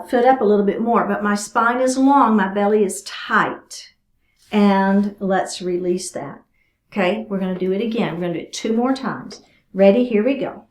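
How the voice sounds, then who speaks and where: Chatty woman guiding chair yoga. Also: on the high side. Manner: encouraging, chatty, talks while stretching. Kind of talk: guided exercise class instruction. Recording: roomy echo.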